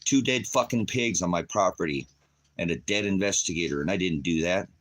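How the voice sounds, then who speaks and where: A middle-aged man vents to camera in a furious, profane rant. He swears nearly every line and his voice jumps into shouting when he gets worked up. Now and then he mimics other people in mocking put-on voices. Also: sits low, brisk. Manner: mocks others in quoted voices. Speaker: vlogger.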